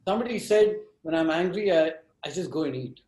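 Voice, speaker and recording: Guy running a workshop, high voice, lively and blunt, echoey room. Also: a little fast. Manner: animated, direct, teasing. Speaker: workshop trainer. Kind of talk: interactive workshop teaching.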